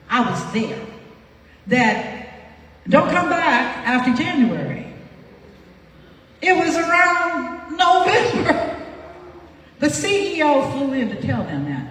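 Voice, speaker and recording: A woman giving a seminar talk to a live audience, preachy and often asking the crowd questions. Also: on the high side. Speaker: seminar speaker. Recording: echoey hall, voice picked up from far off.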